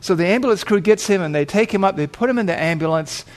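In a storytelling sermon, a pastor with a high-sitting voice speaks at a quick pace and with animation. He paints a vivid story and performs the voices of its characters.

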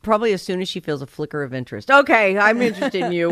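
Lively, playful radio co-host. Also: mid-range voice, rapid-fire, few pauses, no room sound. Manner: playful, jokey, animated. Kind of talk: casual morning radio banter.

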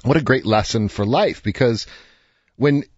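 Man around fifty, motivational author talk, earnest, encouraging, middle pitch, dry close sound. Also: a little slow, no echo, lo-fi sound. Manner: earnest and encouraging, loose with fillers. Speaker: author and speaker. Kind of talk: motivational direct-to-camera talk.

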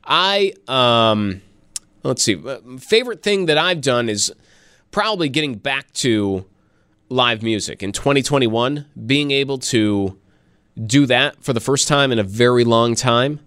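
A man's voice: lively intonation, unhurried, a bit bright, clear, resonant tone, no echo, clean studio sound. A man hosting a casual radio show, chatting and laughing as he reads listener messages. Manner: chatty, laughing, wide pitch swings. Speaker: radio host.

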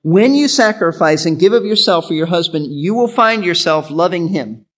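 A man's voice: high voice, animated, normal speed, fairly bright tone. A male pastor giving an earnest sermon, teaching in an instructive way and repeating his key points.

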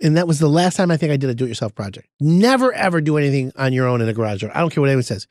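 A man hosting a casual podcast as a contractor, telling animated stories and giving plain advice. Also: on the high side, racing, no room sound, clean studio sound. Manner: animated storytelling with laughs.

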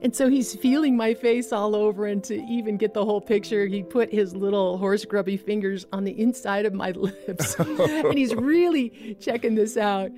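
A woman telling a personal faith story as a guest, earnest, with pauses and restarts. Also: medium pitch, warm tone, faint music behind.

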